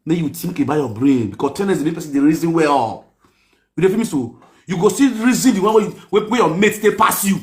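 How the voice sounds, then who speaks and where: A man with a Nigerian Pidgin accent ranting and mocking people on a live stream, often shouting. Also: on the high side, fast talker, roomy sound.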